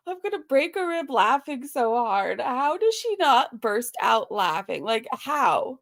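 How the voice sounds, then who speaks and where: A woman's voice: sits high, big pitch swings, slow, fairly bright tone. A woman hosting a casual reaction commentary, making amused and incredulous asides. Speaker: commentary channel host.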